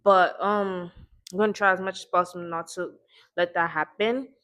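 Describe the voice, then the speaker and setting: A woman's voice: on the low side, steady tone, normal speed, a bit bright. A teenage girl hosting her own faith podcast, talking in an earnest, chatty way with a slight lisp and many repeats. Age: teens. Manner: chatty, earnest, often repeats herself and says like. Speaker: podcast host. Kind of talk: casual faith vlog talk.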